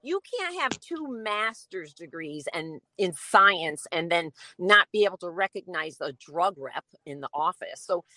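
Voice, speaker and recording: A woman guest on a podcast, telling stories in an animated, playful way. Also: on the low side, unhurried, hardly any pauses, no echo. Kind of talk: casual chat.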